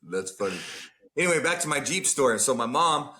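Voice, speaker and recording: A man's voice: medium pitch, lively intonation, a little fast, pushed and bright. A man from Arizona, a gym owner telling stories on a podcast in a blunt, profane, casual way. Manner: blunt, heavy swearing. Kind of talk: casual storytelling.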